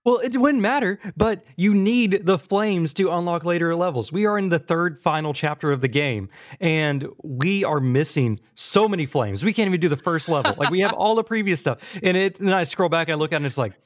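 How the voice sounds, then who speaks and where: A man's voice: fairly high pitch, a little fast, few pauses. A man hosting a casual gaming podcast, telling stories animatedly and peppering his talk with "like". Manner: animated storytelling, mimics friends; casual, fillers like "like". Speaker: podcast host.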